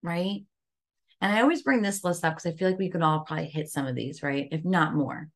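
A wellness coach guesting on a podcast talks casually about self-care, her fairly low voice brisk. She keeps asking "right?" and leans on "like" as she goes.

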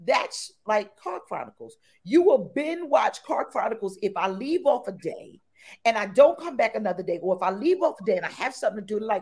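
A woman guest in an interview chat, talking exuberantly and repeating her phrases with excited bursts. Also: medium pitch, brisk, a little hiss or hum. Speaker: podcast guest.

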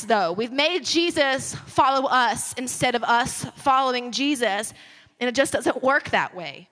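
A woman preaches a sermon in a high, bright voice. She talks conversationally, then builds to fervent emphasis. Her voice rings with the long reverb of a large church hall. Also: expressive, normal speed. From United States.

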